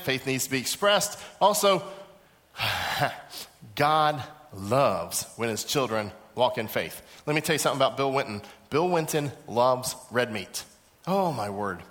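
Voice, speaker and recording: A middle-aged man, a pastor, teaching a Bible lesson to a seated group, animated as he acts out little scenes and repeats his key points. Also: on the high side, in a large hall. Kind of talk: sermon to a live group. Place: large room with a seated audience.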